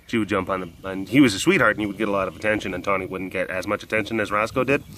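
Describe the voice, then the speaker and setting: A man's voice: fairly low pitch, very fast. A man talking casually and rambling through stories outdoors while on a walk, laughing often. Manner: rambling, animated storytelling with laughs. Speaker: animal sanctuary keeper. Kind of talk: casual vlog talk.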